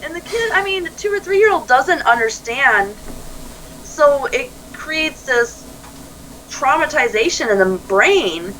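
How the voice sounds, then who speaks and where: Bright-voiced animated woman. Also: high voice, takes it slowly, a little hiss or hum, rough recording. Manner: animated storyteller who acts out quoted dialogue and laughs easily. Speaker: life coach, interview guest. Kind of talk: conversational interview.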